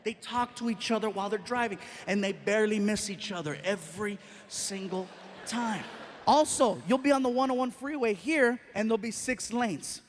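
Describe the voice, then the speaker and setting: High-voiced, animated stand-up comedian. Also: male voice, moderate pace. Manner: animated storytelling, acting out scenes. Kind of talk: stand-up routine. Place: comedy stage before a live audience.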